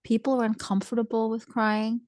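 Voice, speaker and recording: A woman's voice: on the high side, level tone, moderate pace, a little mellow, no room sound. Woman therapist, earnest and reassuring, dry close sound. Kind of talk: casual chat.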